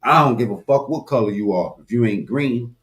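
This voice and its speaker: A man giving a profane, animated political commentary rant, talking straight to his viewers with sudden loud swings. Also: medium pitch, fairly quick. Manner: animated, loud swings, heavy swearing, talks to viewers directly.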